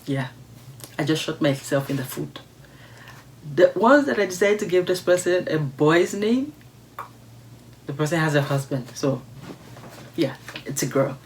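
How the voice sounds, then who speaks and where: A woman's voice: sits low, expressive, a little slow, pauses often, a little mellow, a little hiss or hum. A woman vlogger reading viewer letters aloud and commenting on them in a casual, emphatic, outspoken way, repeating her points for stress.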